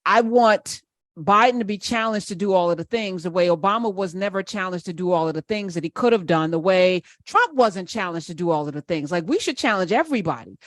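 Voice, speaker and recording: A woman's voice: mid-range voice, no room sound, clean studio sound. A woman hosting a talk radio show, speaking in a conversational, reflective way.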